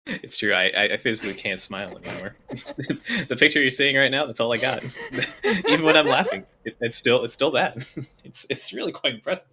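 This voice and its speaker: Young woman streamer, very deep voice, dry self-mocking humor, lively delivery. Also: moderate pace. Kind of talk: casual chat while playing a game.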